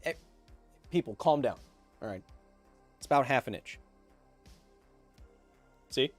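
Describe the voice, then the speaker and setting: A man in his thirties hosting a casual podcast live stream, reading viewer questions and answering with animated, opinionated emphasis. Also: normal speed, pauses often, dry recording, soft background music. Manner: animated and opinionated, with emphatic swings in pitch and volume.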